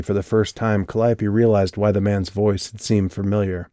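A man narrating an audiobook in a steady, measured reading. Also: on the low side, no echo, studio quality. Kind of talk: scripted narration.

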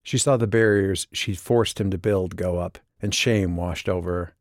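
A man giving measured, scripted audiobook narration. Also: low-pitched, steady tone, darkish tone, no room sound, studio quality.

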